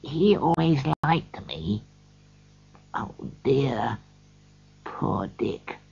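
A man voicing an old miser who exclaims in a high, strained voice. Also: very animated, unhurried, a bit bright, husky, highs cut off, heavily acted. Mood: wistful. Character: old male miser, stirred and excitable.

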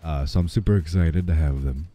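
A man livestreaming, a bit hoarse, rambling and joking casually with his chat. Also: very deep voice, brisk, warm tone.

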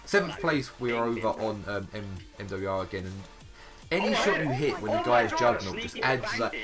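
Fast-talking English young man. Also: fairly low pitch, animated. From England. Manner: chatty, swears casually, quick praise. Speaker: gaming YouTuber. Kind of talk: casual commentary over game clips. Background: background music.

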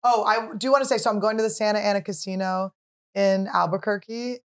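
A woman's voice: medium pitch, fairly even intonation, fairly quick. Female comedy podcast host, casual storyteller, self-mocking, swears freely. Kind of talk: casual chat.

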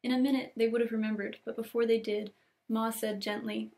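Woman, young adult, book host reading aloud; slightly high, gravelly, gentle and unhurried. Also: flat delivery. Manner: gentle, unhurried reading, lingering on cozy details. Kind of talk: storybook read-aloud with casual asides.

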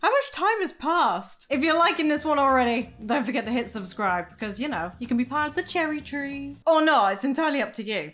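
A bubbly woman YouTuber reacting to videos, chatting in an excited, exclamatory way. Her voice sits high and leaps around with lively swings of pitch, over a faint bed of music. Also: a little fast.

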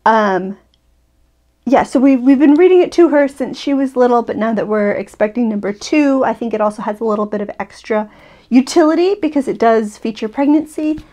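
A woman in her thirties reads a bedtime picture book aloud in a soft, gentle voice that sits a little high. She talks with a few hesitant fillers between the pages. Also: a little fast. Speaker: video creator reading a book.

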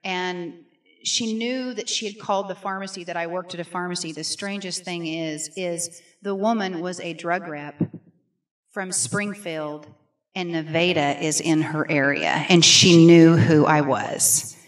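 A woman's voice: fairly low pitch, measured pace. Earnest middle-aged woman testifying. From Missouri, USA. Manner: earnest, emphatic storytelling. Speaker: guest speaker. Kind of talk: personal testimony sermon. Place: church sanctuary. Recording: voice picked up from a distance.

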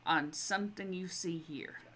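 A woman's voice: lowish voice, measured pace, sharp tone. A woman giving casual let's-play commentary, chatty and exasperated as she pleads with the characters in her game. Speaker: gaming video creator.

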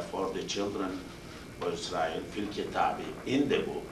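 Man teaching quran, repeats words, roomy hall echo, far from mic. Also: lowish voice. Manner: explains word by word, repeats terms, recites Arabic verb forms quickly. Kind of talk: classroom tafsir lecture. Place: mosque classroom. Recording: roomy echo, distant mic, faint hiss.

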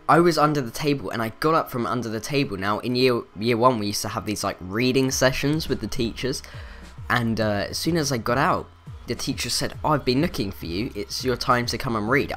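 A man's voice: mid-range voice, a bit bright. A man telling a childhood story to his viewers in a rambling, casual way full of fillers. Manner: rambling, filler-heavy, self-interrupting. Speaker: vlogger.

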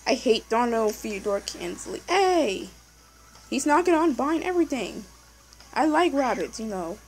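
A young woman commentating her puzzle game casually, excitable, yelling at the game and repeating "no" over and over. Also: a little high, unhurried, a little hiss or hum, low-quality recording. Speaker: gameplay commentator.

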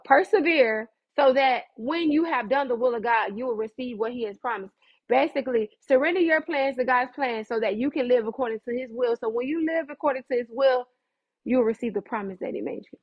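High husky-voiced woman preaching. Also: expressive, brisk. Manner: fervent, conversational, dramatic. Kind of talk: livestream preaching. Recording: dull lo-fi livestream audio.

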